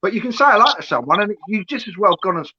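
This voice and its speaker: A man's voice: high voice, animated, very fast, pushed and bright, husky. A middle-aged man talking in a blunt, sweary rant during a casual podcast chat. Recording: dull lo-fi with faint hiss.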